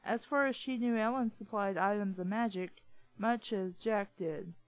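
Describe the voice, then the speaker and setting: A woman's voice: medium pitch, normal speed, no echo, rough recording. A woman book reviewer reading a novel aloud in a plain voice and breaking off for mocking side comments.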